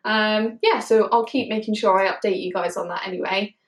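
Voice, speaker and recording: Uk woman chatting about her dogs, laughs a lot, slows down on key points, roomy echo. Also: medium pitch, steady tone. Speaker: dog owner vlogger. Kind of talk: casual chat to camera. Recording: echoey room.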